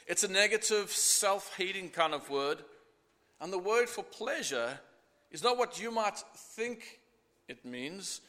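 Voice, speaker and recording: A middle-aged man preaching a sermon, earnest and expressive, acting out the scripture as he goes. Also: sits high, slow. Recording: echoey hall.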